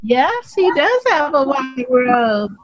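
High, slow, encouraging woman addressing kids. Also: big pitch swings, no echo, muffled recording. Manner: encouraging, exclamatory. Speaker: children's ministry co-host. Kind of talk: children's lesson.

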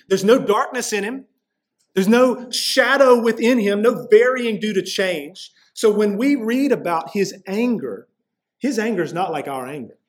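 High-voiced man preaching a sermon. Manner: conversational preaching, slows for emphasis. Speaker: pastor.

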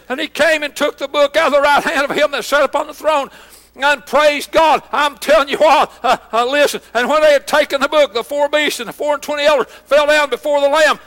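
A man preaching a sermon as pastor, shouting in bursts and halting with frequent "uh"s. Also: very high voice, big-room sound. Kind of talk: Pentecostal-style shouted sermon.

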